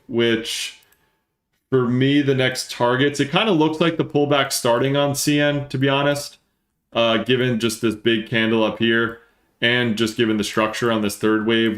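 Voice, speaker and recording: A man hosts a live stream and reads through charts as he talks. He speaks fast and gets excited, working things out aloud. His mid-range voice carries some room echo. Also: mid-range voice. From northern New Jersey. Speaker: livestream host and market analyst.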